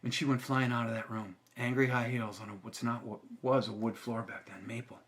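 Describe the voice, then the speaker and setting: A man's voice: mid-range voice, flat delivery, fairly quick, fairly bright tone. A middle-aged male teacher telling a personal story to camera in an earnest, reflective way.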